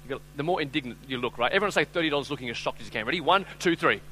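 A man giving a humorous talk, drawing the audience in with call-and-response bits. His voice sits high and sounds bright and forceful. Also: rapid-fire, few pauses, a little hiss or hum, rough recording. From Australia. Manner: animated, joking, coaxes audience to join in. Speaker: speaker.

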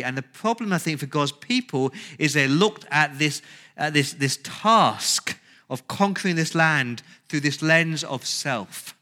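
A man's voice: medium pitch, bright, forceful tone. A man preaching a sermon as pastor, emphatic, with rhetorical questions and repeated phrases.

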